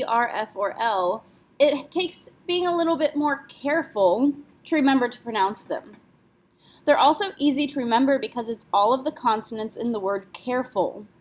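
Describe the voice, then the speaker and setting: A woman teaching a French pronunciation lesson in a slightly high voice. She explains patiently and spells words out letter by letter for her learners.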